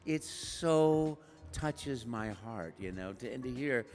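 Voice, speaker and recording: An older man, a guest voice actor, telling stories at a live stage Q&A in an animated, playful way. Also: medium pitch, takes it slowly, soft background music.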